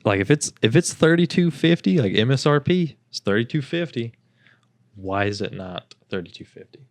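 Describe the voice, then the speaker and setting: Rambling, laid-back podcast host. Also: male voice, mid-range voice, animated, normal speed, no room sound. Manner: rambling storytelling, swearing, mimics others. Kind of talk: casual chat.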